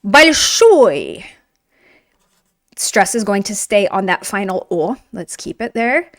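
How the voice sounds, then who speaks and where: A woman's voice: mid-range voice, moderate pace, no room sound, studio quality. A woman teaching a video language lesson in an upbeat, encouraging, chatty way while writing on a board.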